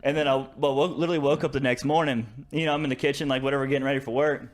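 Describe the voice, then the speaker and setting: A man's voice: medium pitch, steady tone, very fast. A young man with a Southern American accent, telling a long rambling story on a casual podcast, full of fillers and restarts. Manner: rambling, many fillers and restarts, laughs through stories. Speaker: podcast co-host.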